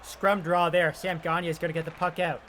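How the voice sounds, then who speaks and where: A young man doing casual play-by-play commentary while playing a hockey video game, swinging from calm asides to loud excited calls on scoring chances. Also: fairly high pitch, a little fast, slight background noise.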